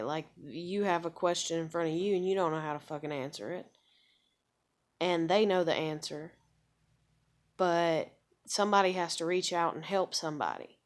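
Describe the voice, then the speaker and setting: A woman in her thirties venting in a rambling, casual monologue, frustrated and swearing often. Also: lowish voice. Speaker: vlogger.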